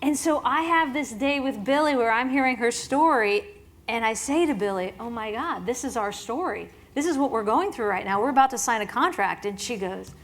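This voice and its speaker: A woman in her forties interviewing on stage at an awards event, an animated storyteller who laughs often. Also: on the high side, a little fast.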